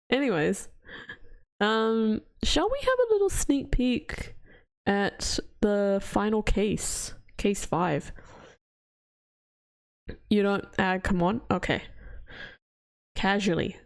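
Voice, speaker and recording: A woman game streamer chatting casually to her viewers. She talks at an ordinary pitch, with a giggly, rambling manner and lots of "like". She sounds relaxed and easygoing throughout. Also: takes it slowly, long pauses. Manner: chatty and giggly, with frequent laughs and "like". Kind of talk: casual livestream chat.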